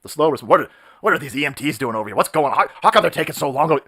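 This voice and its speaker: A man hosting a live stream, ranting in a profane, mocking way and shouting often. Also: a little high, animated, very fast, slightly rough. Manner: profane, mocking, shouting rants with mimicked voices.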